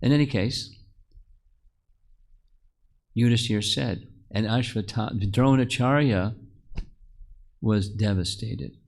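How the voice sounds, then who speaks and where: A man's voice: fairly low pitch, takes it slowly, long pauses. A man teaching a scripture class to a live group. He tells the stories as he goes, asks the listeners questions, and often restarts or repeats words. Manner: storytelling, asks the audience questions. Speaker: spiritual teacher.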